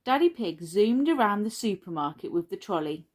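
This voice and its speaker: A woman reading a children's storybook aloud in a gentle, expressive manner. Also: medium pitch, normal speed.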